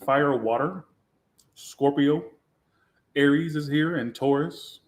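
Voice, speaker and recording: In an echoey room, a tarot reader gives a laid-back live reading, full of cursing and sassy, blunt remarks. His voice leans high, and he takes his time.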